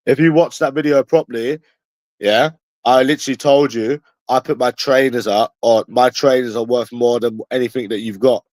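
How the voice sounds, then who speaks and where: This London streamer rants back at his chat in a confrontational, profane, repetitive way. His medium-pitched voice is a little mellow, with fairly even intonation and a moderate pace, and there's no echo.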